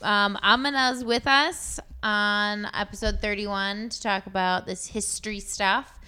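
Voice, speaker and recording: A woman's voice: medium pitch, fairly even intonation, measured pace, pushed and bright, clean tone. A woman co-hosting a casual podcast, playful and giggly, tossing in jokey asides. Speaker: podcast co-host.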